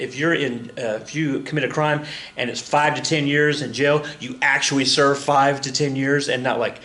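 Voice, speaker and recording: A man's voice: medium pitch, a bit bright, a little hiss or hum. Chatty man teaching history, echoey room. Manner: chatty, jokey asides, frequent fillers. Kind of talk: casual recorded history lecture. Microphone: recorded at a computer for students.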